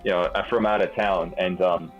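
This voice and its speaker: A man's voice: low-pitched, steady tone, moderate pace, highs cut off, soft background music. A man telling rambling, laughing anecdotes in a casual chat among friends. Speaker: guest on a gaming stream.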